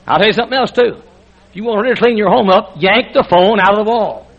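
A male preacher delivers a fiery church sermon. His voice is husky and sits fairly high. He swings from shouting to near hush and repeats words to press each point. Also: fast talker, highs cut off. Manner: swings between shouting and hushed speech; emphatic repetition. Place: church sanctuary before a congregation.

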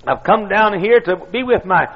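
A man voicing a frail, stooped old preacher in his seventies with a squeaky, quavering voice that stammers and repeats words. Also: moderate pace, lo-fi sound. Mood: earnest, stammering.

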